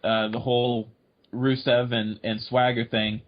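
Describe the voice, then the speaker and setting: A man's voice: mid-range voice, flat delivery, a little slow. A man co-hosting a wrestling podcast, chatting in an easygoing, agreeable way. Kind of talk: casual chat. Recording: dull lo-fi recording.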